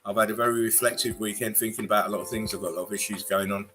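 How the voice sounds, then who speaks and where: A man hosting a casual livestream chat, relaxed and rambling as he greets viewers and laughs between remarks. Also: on the low side, racing, music in the background. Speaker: livestream host.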